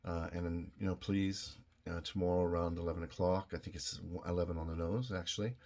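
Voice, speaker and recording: A middle-aged man from Canada speaks to his viewers in a low, deep voice. He talks slowly and earnestly, full of pauses, fillers and restarts, and he sounds moved. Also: steady tone, darkish tone. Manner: halting, many fillers and restarts, emotional. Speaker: video host. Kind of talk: casual direct-to-camera talk.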